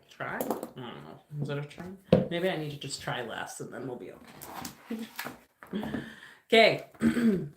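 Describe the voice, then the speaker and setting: A woman's voice: lowish voice, echoey room, background noise. A woman doing a casual live card reading, musing aloud with lots of fillers and loose, rambling phrasing. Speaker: tarot reader on a livestream.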